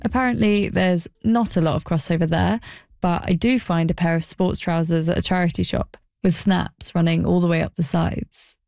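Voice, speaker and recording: A woman's voice: lowish voice, steady tone, normal speed, gravelly, a little mellow, no room sound, studio quality. A young woman narrating a personal documentary in a wry, self-deprecating way.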